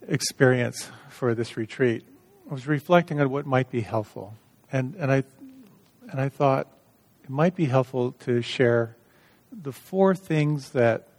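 A middle-aged man giving a dharma talk as a meditation teacher, calm and gentle, telling stories with light humor. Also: mid-range voice.

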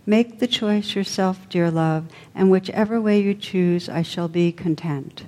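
Woman voicing an earnest young knight, devoted, storybook reading, dark mellow tone, long reverberant hall. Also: medium pitch, unhurried, lightly acted. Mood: tender.

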